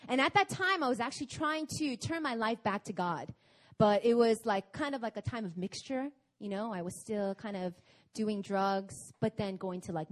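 A young woman preaching at a prayer meeting, telling a personal story in an animated, chatty way. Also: medium pitch. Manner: animated, chatty storytelling with laughs and acted-out quotes. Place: church meeting hall in Korea.

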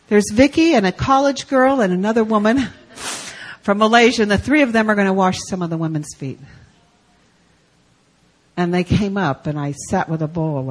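A woman gives a sermon at a church service and tells it as a lively story. She lifts her voice high and loud for the exciting moments, then drops to a hush for the tender ones. She acts out the voices of the people in her story. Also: moderate pace, low-quality recording. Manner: animated, acts out quoted voices, swings from loud to hushed. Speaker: guest speaker.

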